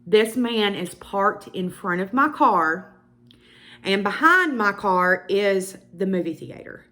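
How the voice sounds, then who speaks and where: This young Southern US woman speaks at medium pitch with lively intonation and a slow pace, her voice pushed and bright. As a beauty vlogger, she chats casually to camera, telling a personal story with emphatic asides.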